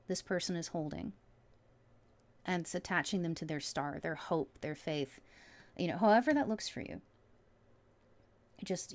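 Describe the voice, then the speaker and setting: A woman giving a casual tarot reading to viewers, excitable and emotional, often trailing off and restarting her sentences. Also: lowish voice. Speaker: tarot reader.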